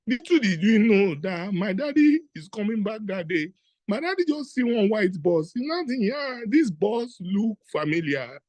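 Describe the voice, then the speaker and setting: A man with a Nigerian accent doing stand-up storytelling on stage, animated and acting out the people in his tale. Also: sits high, normal speed, no echo. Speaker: comedian. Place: stage at a live event.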